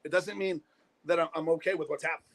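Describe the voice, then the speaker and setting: A man co-hosting a live talk show, agreeing emphatically in quick casual chat. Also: a little high, fairly even intonation, vocal fry, a bit bright.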